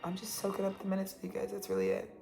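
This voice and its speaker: A woman's voice: medium pitch, very animated, racing, vocal fry, mellow, echoey room, soft background music. A woman giving a casual, rambling tarot reading, talking bluntly and swearing freely. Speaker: tarot reader.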